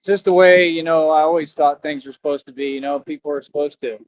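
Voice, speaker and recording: Talking fast with a fairly high pitch and a steady tone, a man rambles casually on a livestream outdoors by traffic. He's preachy and repeats himself while asking viewers to donate, and the stream audio is dull and lo-fi.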